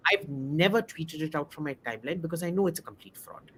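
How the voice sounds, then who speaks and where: A man's voice: fairly high pitch, animated, quick pace, a bit bright, a little hiss or hum. Emphatic man giving blunt opinions. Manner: emphatic, repeats words for stress. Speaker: podcast guest. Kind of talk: opinionated commentary.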